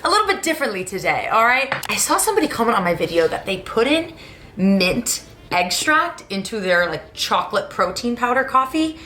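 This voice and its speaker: A woman vlogger in casual chat, venting in a self-deprecating way and jumping around in pitch as she talks. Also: brisk, a little hiss or hum. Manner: animated, with sudden jumps in pitch.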